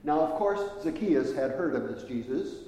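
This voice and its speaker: A man's voice: a little high, animated, normal speed, warm tone. A male preacher retelling a story in a vivid, conversational sermon style, recorded in a large church hall. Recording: echoey hall with long reverb.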